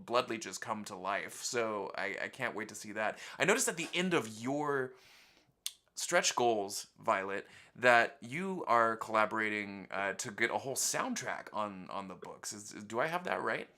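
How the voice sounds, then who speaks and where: Bright-voiced enthusiastic male host. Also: fairly low pitch, expressive, measured pace. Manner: enthusiastic, upbeat interviewer. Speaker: podcast host. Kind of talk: casual interview chat.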